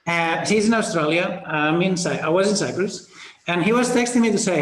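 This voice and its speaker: A man presenting a business coaching webinar, talking fast and casually with fillers and the odd swear word. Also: sits high, roomy sound. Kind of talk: energetic sales webinar talk.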